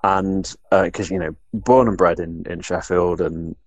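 A man's voice: low voice, steady tone, unhurried, no echo, lo-fi sound. A man from northern England co-hosting a casual discussion, rambling with many restarts and fillers. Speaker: podcast co-host.

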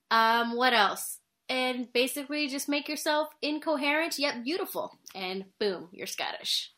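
Bright-voiced chatty woman podcaster. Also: high voice, measured pace. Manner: chatty, rambling, laughs often. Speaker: podcast co-host reviewing movies. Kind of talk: casual chat.

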